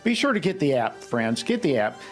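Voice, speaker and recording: A man's voice: on the high side, sing-song, brisk, soft background music. A man hosting a radio talk show, wrapping up a segment and urging listeners to get an app in an upbeat, direct way. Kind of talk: show host wrap-up and promo.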